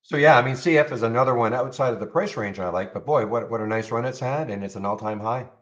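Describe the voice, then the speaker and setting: A man's voice: medium pitch, fast, muffled recording. Casual man talking over stock charts. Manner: conversational, repeats words, answers chat viewers by name. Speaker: live trading room host. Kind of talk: live stream commentary on charts.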